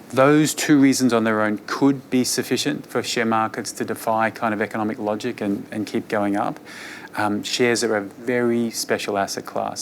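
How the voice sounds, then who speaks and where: A fund manager, a man, giving an investor presentation on markets in a relaxed, conversational way with frequent fillers. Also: on the low side, slight background noise.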